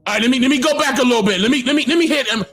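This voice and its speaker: A man hosting a reaction video, excitedly commenting, exclaiming and shouting, often repeating himself. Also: extremely high pitch, racing, husky, faint music behind.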